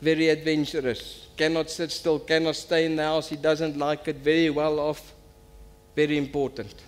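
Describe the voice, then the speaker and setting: A man's voice: a little high, level tone, moderate pace. A man, a pastor preaching a sermon and telling a story that builds to emphatic appeals.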